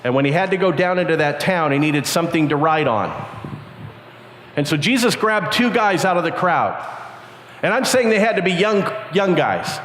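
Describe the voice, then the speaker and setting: Older male camp preacher, storyteller, slightly high voice, long hall reverb, faint hiss. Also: normal speed. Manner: animated, acts out characters with squeaky high voices. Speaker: camp speaker. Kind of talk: storytelling sermon to youth.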